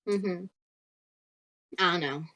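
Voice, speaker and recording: A woman's voice: lowish voice, takes it slowly, pushed and bright, poor audio. A woman chatting in character during a tabletop game, giggling often and trailing off mid-sentence. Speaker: tabletop player. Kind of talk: casual in-character tabletop chat.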